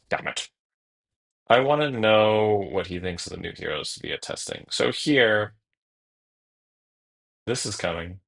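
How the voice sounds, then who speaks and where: A man's voice: on the low side, animated, unhurried, gravelly, pauses often, a bit bright. A young man streaming a card game, thinking aloud in casual, jokey commentary with the odd curse. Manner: thinks aloud, jokey, swears, mutters to himself.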